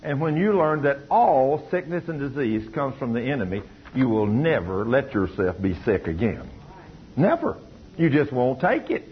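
A man's voice: a little high, breathy edge, dull audio. A man preaching a sermon, telling a story through quoted dialogue and rising to emphatic peaks.

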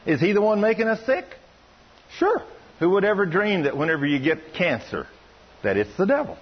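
A man preaching a sermon in a folksy, animated storytelling way, his voice rising high when he quotes others. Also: moderate pace, slightly rough, muffled recording.

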